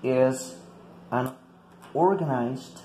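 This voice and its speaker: A man's voice: medium pitch, drawn-out words, mellow. Man explaining teaching steps. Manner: explains step by step with frequent "like" and repeats. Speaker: English teacher. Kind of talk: teacher training talk. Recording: echoey room with faint ambient noise.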